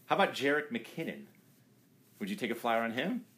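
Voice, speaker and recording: A man's voice: mid-range voice, expressive, brisk, a bit bright. A man hosting a casual sports chat, quizzing his co-host in a jokey, rambling way.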